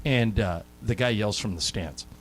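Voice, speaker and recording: A man hosting a sports radio show, telling anecdotes in a casual, animated way into a studio microphone. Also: on the low side, moderate pace. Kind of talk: casual sports talk storytelling.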